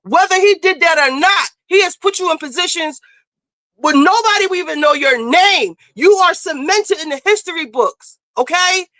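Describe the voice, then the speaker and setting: Woman streamer host, high and bright, blunt and profane, dry close sound. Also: expressive, normal speed, dry recording. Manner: emphatic, scolding. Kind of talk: casual commentary.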